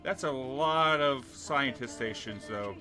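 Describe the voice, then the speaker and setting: A man's voice: mid-range voice, slow pace, over music. A man streaming a driving game, chatting casually and dryly about his run. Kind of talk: casual gameplay commentary.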